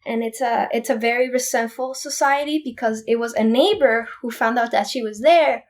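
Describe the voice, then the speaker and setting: A young woman from Puerto Rico, a podcast guest, retelling a family story in an animated, emphatic way with many restarts. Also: fairly high pitch, moderate pace. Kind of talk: casual storytelling.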